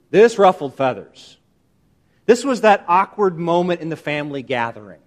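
A man preaching a sermon, emphatic and animated, often asking his listeners rhetorical questions. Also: on the high side, moderate pace. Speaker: pastor.

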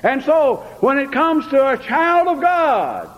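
Older preacher with a high voice. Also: male voice, sing-song, slow pace. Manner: homespun storytelling, rising to fervent preaching. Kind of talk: folksy sermon with anecdotes. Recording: dull lo-fi sound with long hall reverb.

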